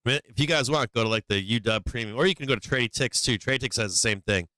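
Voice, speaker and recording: A man's voice: mid-range voice, quick pace, sharp tone, no echo, clean studio sound. A man hosting a casual live stream, swearing a lot, taunting and gleeful, sometimes breaking into a sing-song carnival barker call.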